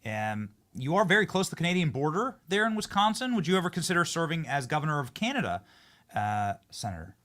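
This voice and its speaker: A man hosts a political talk show with a lively, bouncing pitch. He is jokey and animated, jumping from loud, excited bursts down to low, muttered asides. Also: fast. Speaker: host.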